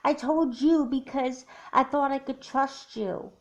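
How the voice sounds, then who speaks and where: A woman's voice: slow pace, muffled recording. Saige, a woman doing a hurt young girl. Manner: high, pleading and accusing. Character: upset girl hurt by a broken secret. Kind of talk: doll movie voice acting.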